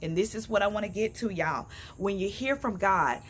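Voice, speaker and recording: A woman's voice: medium pitch, moderate pace, a little hiss or hum. A middle-aged woman sharing a personal faith testimony on a phone camera outdoors, earnest and conversational, often calling her viewers "y'all". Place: outdoors on a sunny morning.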